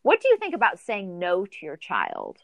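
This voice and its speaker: A woman's voice: lowish voice, huge pitch swings, moderate pace, vocal fry, a bit bright, no room sound. Friendly curious woman host, dry sound. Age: adult with teenage children. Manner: friendly, curious, uses fillers. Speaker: interview host. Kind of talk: casual conversational interview.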